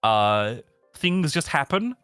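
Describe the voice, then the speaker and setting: A man's voice: medium pitch, very animated, takes it slowly, a bit bright, smooth, no echo, soft background music. Laid-back young man on a dry mic. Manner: rambling, laid-back, swears and laughs often. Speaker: streamer. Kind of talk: casual chat.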